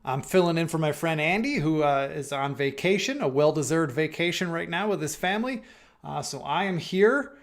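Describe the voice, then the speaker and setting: A man with a fairly high voice hosts a live question-and-answer stream. He talks in a loose, joking way, with plenty of hesitations as he moves into market commentary. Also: lively intonation, moderate pace. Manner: chatty and joking, with frequent hesitations. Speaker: stand-in host of a live software Q&A. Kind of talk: casual livestream chat and market commentary.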